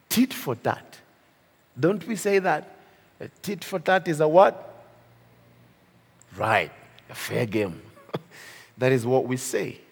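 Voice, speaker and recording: A man's voice: a little high, vocal fry, breathy edge. A man preaching a sermon on a Bible passage, asking his listeners questions and laughing between lines. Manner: slow, lively preaching with laughs and rhetorical questions. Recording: reverberant hall.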